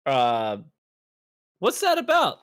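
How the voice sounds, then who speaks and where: Easygoing male co-host, animated pitch, casual banter. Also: slow pace, clean tone. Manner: easygoing, laughs along, even-keeled. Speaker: podcast co-host. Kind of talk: casual chat.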